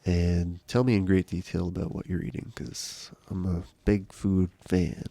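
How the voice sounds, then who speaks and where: A deep, gravelly male voice, dark in tone and thick with a stuffed-up nose, talks through a live survival game in a relaxed, rambling way. He reads viewers' messages aloud and comments on them. The sound is dry and close to the mic. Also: unhurried, dry recording. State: stuffy, nasal from a cold. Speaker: streamer.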